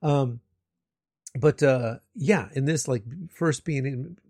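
A man's voice: medium pitch, slow, a little mellow, no echo, studio quality. A man discussing language teaching, stumbling over his words and repeating himself, with joking asides. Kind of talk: conversational discussion about teaching.

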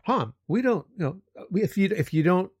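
A man's voice: high voice, expressive, fairly quick, a little mellow, slightly rough, no echo, clean studio sound. A man chatting casually, telling a rambling anecdote with restarts and chuckles. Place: living in Japan.

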